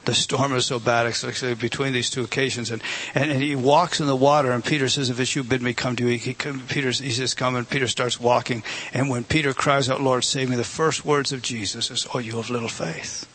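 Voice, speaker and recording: A man's voice: medium pitch, fairly even intonation, a little fast, a bit bright, breathy edge. A man preaching a sermon in an earnest, emphatic way, often repeating words and addressing the congregation directly. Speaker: pastor.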